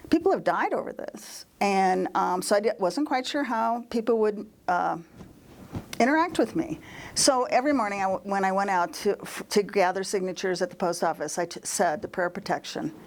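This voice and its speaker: A woman's voice: medium pitch, expressive, moderate pace, a little hiss or hum. Chatty woman telling stories from the pulpit. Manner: chatty, laughs often, acts out quoted voices. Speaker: guest speaker at a church service. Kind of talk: storytelling sermon talk.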